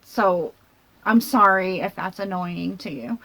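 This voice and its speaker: A woman vlogger talking to her laptop camera in a rambling, self-mocking way, thinking out loud and jumping between tangents. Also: medium pitch, takes it slowly. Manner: chatty and self-mocking, laughs between phrases. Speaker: vlogger and channel host. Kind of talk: casual talking-to-camera commentary.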